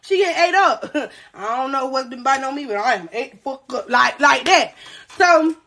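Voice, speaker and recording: A young woman telling a story on a phone livestream, animated and profane, talking straight to her viewers. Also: high voice, normal speed.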